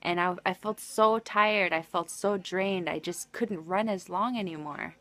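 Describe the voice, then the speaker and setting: A woman's voice: fairly low pitch, a little slow, fairly bright tone. A married woman livestreaming, telling a personal story in an emotional, rambling way full of restarts. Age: adult, married.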